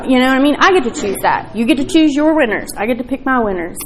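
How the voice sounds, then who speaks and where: A woman's voice: on the high side, lively intonation, fast, hardly any pauses, a loud crowd, low-quality recording. A woman telling her recovery story at a meeting, candid and profane, with plenty of fillers. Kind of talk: personal testimony at a recovery meeting.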